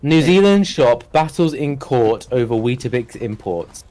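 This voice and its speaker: A man's voice: mid-range voice, expressive, a little slow, dark tone, low-quality recording. A man chatting casually on a live stream, giggling as he reads search results aloud. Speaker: streamer co-host.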